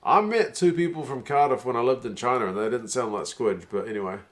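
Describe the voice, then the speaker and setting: Speaking at a quick pace in a medium pitch, a man hosts a relaxed live stream reacting to rugby. He reads viewers' comments aloud, laughs often, and erupts with excitement over big plays.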